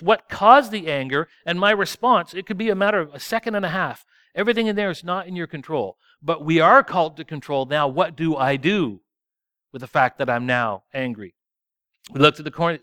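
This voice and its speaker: A man's voice: fairly high pitch, animated, a little fast, sharp tone, no room sound, studio quality. A man preaching a sermon in a conversational, self-deprecating way. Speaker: pastor.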